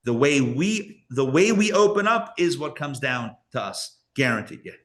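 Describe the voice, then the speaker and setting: Conversational rabbi telling stories to a class. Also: male voice, mid-range voice, very animated, moderate pace, a bit bright. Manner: conversational, anecdotal, with many restarts. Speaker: rabbi and teacher. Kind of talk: live lecture with stories. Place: live class in a Torah center.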